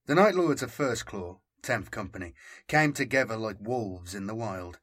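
A man narrating an audiobook in a slow, deliberate scripted reading. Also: fairly low pitch, expressive, fairly bright tone.

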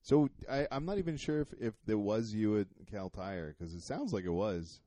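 A young comedian with a warm, mellow voice trades self-deprecating stories and laughs easily. It is casual podcast chat with a dry, close sound. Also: male voice, lowish voice, lively intonation, moderate pace, no echo. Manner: laid-back, self-deprecating, laughs often.

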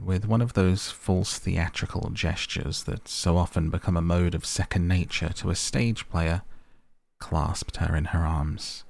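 A man narrating a classic novel as an audiobook reading, measured and even. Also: sits low, creaky, dry recording.

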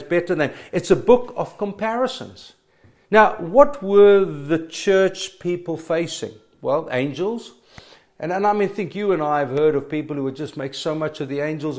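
A middle-aged man preaching a sermon, telling stories with emphatic stammered restarts. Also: fairly high pitch. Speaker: pastor.

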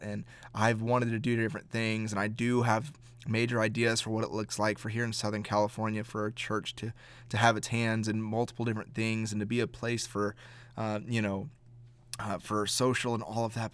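A man who is a pastor and podcast host, talking earnestly in a reflective monologue, often halting and repeating words. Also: fairly low pitch.

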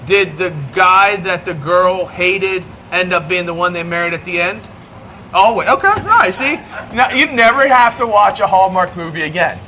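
Male pastor, middle-aged, self-deprecating jokes, sermon, very bright tone, faint noise. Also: high voice, lively intonation, moderate pace. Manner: joking, chatty, self-deprecating. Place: church hall.

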